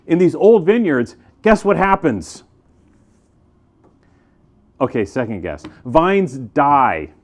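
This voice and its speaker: Chatty, enthusiastic wine-shop man. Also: mid-range voice. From United States. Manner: chatty, enthusiastic, with filler words and restarts. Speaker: wine retailer. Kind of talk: casual wine review to camera.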